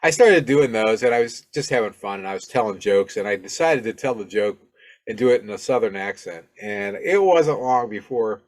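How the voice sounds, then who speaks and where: A man's voice: lowish voice, lively intonation, normal speed. A middle-aged man from Alabama hosting his own podcast, talking casually and rambling, with many fillers and restarts. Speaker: podcast host. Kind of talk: casual solo podcast talk.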